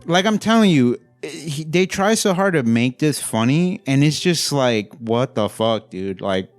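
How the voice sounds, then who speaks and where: A man giving a casual, rambling, profane movie review, getting animated as he rants. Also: medium pitch, measured pace, dry recording, soft background music.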